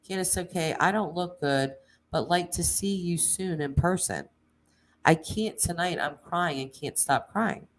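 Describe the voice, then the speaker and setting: Low-voiced woman reading messages aloud. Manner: plain reading with pauses and asides. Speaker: true crime channel host. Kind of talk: reading text messages aloud with casual commentary.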